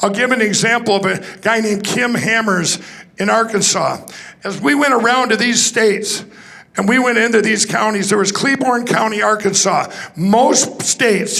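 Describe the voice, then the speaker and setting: Male speaker on a conference stage, gravelly tone, tells stories with lots of restarts. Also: sits high, moderate pace, a bit bright. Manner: rambling, restarts, acts out quoted dialogue. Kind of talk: storytelling talk to an audience.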